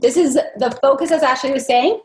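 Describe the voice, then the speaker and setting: A woman's voice: high-pitched, a little fast, reverberant, slight background noise. A woman trainer leading an interactive online workshop, upbeat and coaxing as she quizzes her audience. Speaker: dental practice trainer leading a live workshop.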